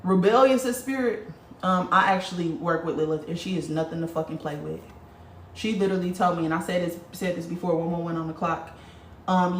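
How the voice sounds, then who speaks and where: A woman's voice: lowish voice, a little fast, a little hiss or hum. A woman hosting a casual spiritual livestream and reading viewer comments aloud, talking bluntly with lots of swearing. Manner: blunt, profane, animated talker. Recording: roomy, distant from the mic.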